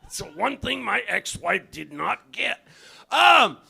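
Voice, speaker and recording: An older man doing a stand-up comedy set in a club, loud and profane, often shouting his punchlines. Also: high voice, sing-song, slow pace, vocal fry, slightly rough. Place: comedy club stage, live audience.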